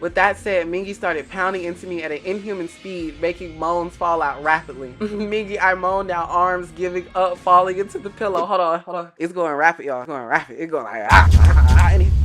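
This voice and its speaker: A man's voice: high-pitched, brisk, music in the background. A man reading fanfiction aloud in a dramatic, comedic way, breaking off into sassy asides and laughter. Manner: animated, exaggerated reactions, frequent laughter and sassy commentary.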